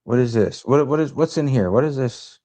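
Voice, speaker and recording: Male livestream host, middle-pitched, rambling and jokey. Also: expressive, moderate pace, mellow. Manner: rambling, multitasking, joking. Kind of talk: casual livestream chat.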